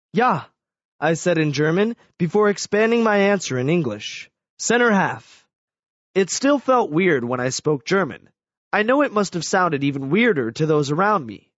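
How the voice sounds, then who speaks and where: A man reads a first-person story as audiobook narration, with animated, expressive delivery. His voice is high and swings widely in pitch. The recording is dry with no room sound and somewhat dull in tone. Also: dry recording.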